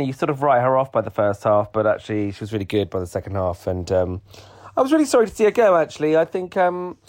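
A man's voice: mid-range voice, darkish tone. A man co-hosting a podcast in casual chat, laid-back and swearing freely. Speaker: podcast co-host.

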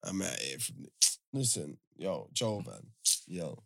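A man's voice: deep voice, sing-song, unhurried, gravelly. A young man, teasing and joking in slangy casual banter.

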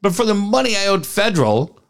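A man co-hosting a talk radio show launches into profane, animated stories. His voice sits a touch high and leaps all over the place as he vents. He slides straight back into live ad reads. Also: fairly quick, vocal fry. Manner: profane, animated storytelling rants. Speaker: radio co-host.

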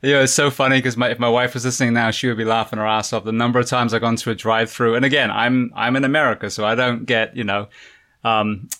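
Bright-voiced British podcast host. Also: male voice, mid-range voice, little pitch movement. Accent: British English. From Britain. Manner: friendly, halting, many fillers and restarts. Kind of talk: casual interview chat.

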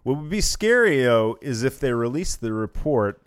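A man's voice: mid-range voice, big pitch swings, normal speed, clean tone, no room sound. A man co-hosting a podcast in casual chat, rambling with restarts and swearing freely. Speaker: podcast co-host.

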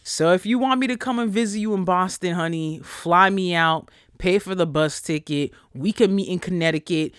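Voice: normal speed, few pauses, fairly bright tone, clean tone, dry recording, clean studio sound. Profane, blunt podcast host mid-rant. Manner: blunt, profane and sassy, with big swings in pitch. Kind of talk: casual ranting monologue.

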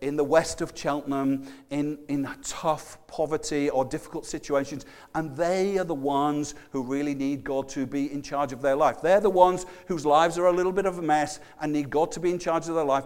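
A middle-aged preacher with a notably high voice gives a relaxed, conversational sermon. He often stumbles, restarts and repeats himself, and he slips into everyday voices to make his points. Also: moderate pace, clear, resonant tone. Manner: chatty, self-deprecating, acts out everyday voices; frequent restarts and stammered repeats.

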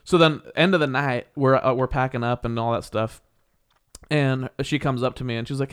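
Animated young man telling a heated story. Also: medium pitch, fast, clear, resonant tone. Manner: animated, heated storytelling with frequent laughs and profanity. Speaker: podcast co-host. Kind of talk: casual storytelling chat.

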